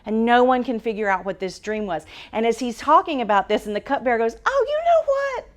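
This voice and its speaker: A woman's voice: fairly high pitch, fast talker. A woman teaching a Bible study to a live group in a church room, talking casually, asking the group questions and correcting herself as she goes. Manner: conversational, asks the group questions, self-correcting.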